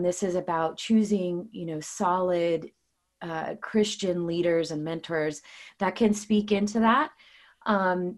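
An earnest woman guest talks through her faith in loose, chatty sentences. She restarts often and leans on fillers as she tells stories. Her voice sits in a plain middle range. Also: medium pitch. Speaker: guest author. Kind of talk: casual faith talk with storytelling.

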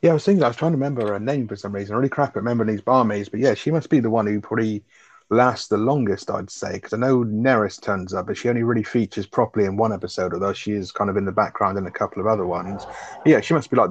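A man's voice: on the low side, fast. A man, co-hosting a casual podcast chat, enthusiastic and swearing, with plenty of fillers. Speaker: podcast co-host.

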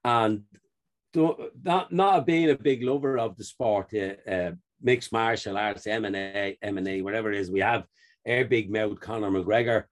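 A man co-hosting a casual podcast, chatting with friends and telling animated stories, laughing often and acting out what others said. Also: lowish voice, normal speed. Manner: animated storyteller, laughs often, acts out quotes. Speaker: podcast co-host. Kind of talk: casual banter among friends.

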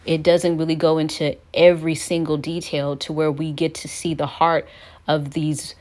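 Young woman, low voice, earnest faith talk, acts out little voices now and then. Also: flat delivery, moderate pace, darkish tone. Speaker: Christian speaker. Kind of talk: devotional talk to camera.

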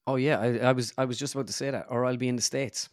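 A man's voice: medium pitch, flat delivery, racing, dry recording, clean studio sound. A young Irish man from the Midlands, a comedian being interviewed casually, who runs his sentences together with many fillers. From Ireland. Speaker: comedian and impressionist, guest.

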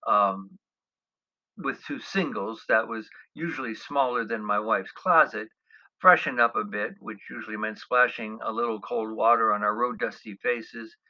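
Middle-aged man, sharp bright tone, dry self-mocking storyteller, dull lo-fi recording. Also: medium pitch. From United States. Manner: wry, self-mocking, chuckling asides. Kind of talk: humorous personal travel storytelling.

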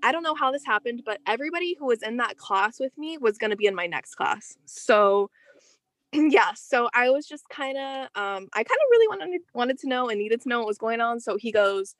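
As an interview guest, this teenage girl chats animatedly through a personal story, filling it with lots of "like." She speaks at a moderate pace in a voice on the high side, captured in a dry recording.

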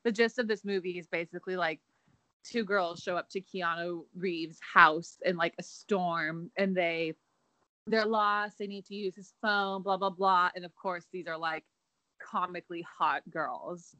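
Bright-voiced chatty young woman. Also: fairly low pitch, fairly even intonation, a little slow, dry recording, rough recording. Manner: chatty, lots of "like", playful. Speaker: podcast co-host. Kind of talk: casual chat.

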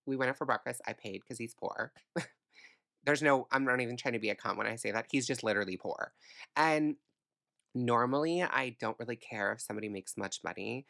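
A blunt woman in her late twenties vents in a podcast rant, swearing freely. Her voice carries a gravelly fry. The sound is close and dry, with no room around it. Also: extremely low pitch, brisk, a bit bright, no echo. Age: 20s. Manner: blunt and profane, venting. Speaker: podcast host.

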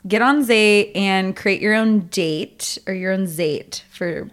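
A woman's voice: medium pitch, slow pace. Young woman chiming in on a podcast. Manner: laughing along, chiming in. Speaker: podcast co-host. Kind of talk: casual chat.

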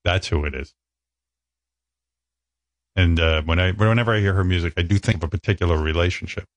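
A man hosting a radio talk show, brash and animated, swearing freely as he trades banter. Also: deep voice, brisk, dry recording. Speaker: radio host.

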